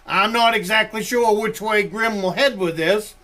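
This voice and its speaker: A man's voice: high voice, normal speed, sharp tone. An older man with a Maine accent, a woodsman rambling folksy stories from his log cabin with plenty of chuckles. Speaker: woodsman vlogger. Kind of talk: rambling campfire storytelling.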